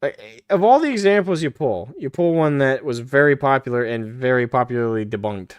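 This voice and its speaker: A man's voice: medium pitch, expressive, a little fast, clean tone, no echo, studio quality. A male live-stream host reacting to a clip, profane and mocking, laughing often as he talks.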